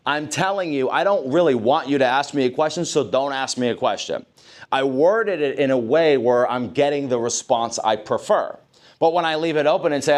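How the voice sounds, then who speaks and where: A man's voice: a little high, a little fast. A man running a live sales training session, coaching his team, asking the room questions and acting out lines he would say to customers.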